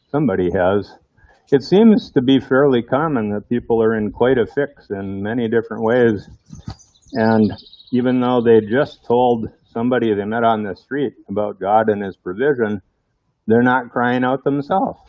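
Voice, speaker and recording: A man's voice: mid-range voice, a little slow, no room sound. Man, preacher, conversational sermon, rhetorical questions to the congregation, dry sound, dull muffled recording.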